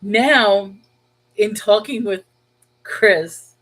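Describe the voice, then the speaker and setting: A middle-aged woman hosting a casual livestream, chatting with viewers, laughing often, and slowing down to give earnest spiritual advice. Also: mid-range voice, fairly bright tone, low-quality recording. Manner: earnest and slow when giving spiritual advice. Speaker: host of a Bible livestream.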